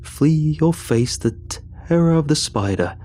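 A man voicing a villainous male theme-park announcer with a gravelly voice and a slow, taunting, drawn-out delivery. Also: fairly high pitch, animated, dark tone, soft background music, pitched above the performer's own voice.

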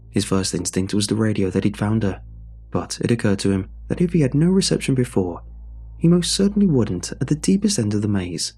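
A man narrating a true horror story in a measured, suspenseful way. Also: on the low side, creaky, warm tone, breathy edge.

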